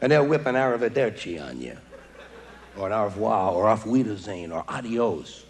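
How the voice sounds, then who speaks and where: A man in his forties performing stand-up comedy in a large theater, with a wry, sardonic delivery and quick mock voices. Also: lowish voice, lively intonation. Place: large theater stage before a live audience. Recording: live theater recording with audience noise.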